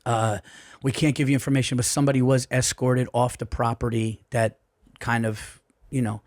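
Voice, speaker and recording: Profane, excitable man telling a story. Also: mid-range voice, normal speed. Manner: profane, excitable, acts out voices. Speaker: podcast guest, comedian. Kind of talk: animated storytelling. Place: podcast studio. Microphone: studio mic.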